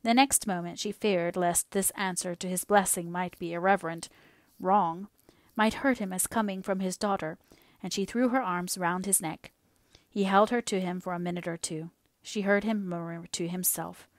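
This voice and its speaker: A woman narrating a classic novel as an audiobook reader, steady and expressive. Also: on the low side, moderate pace, dry recording, clean studio sound.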